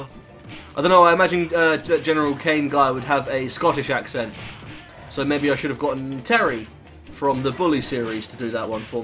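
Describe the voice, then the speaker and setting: A man's voice: mid-range voice, pushed and bright. A young British man giving rambling, jokey, sweary commentary while playing a video game. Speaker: gaming YouTuber. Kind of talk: gameplay commentary.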